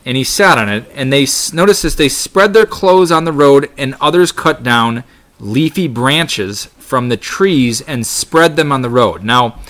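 A man of ordinary pitch teaching a Bible lesson. He talks in a relaxed, conversational way, stopping often for "you know" asides as he reads verses aloud and explains them.

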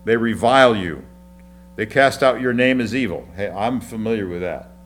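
A man's voice: fairly low pitch, moderate pace, a bit bright. A man preaching a sermon, teaching through Bible passages in a conversational way, with rhetorical questions and frequent restarts. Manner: repeats and restarts words while explaining.

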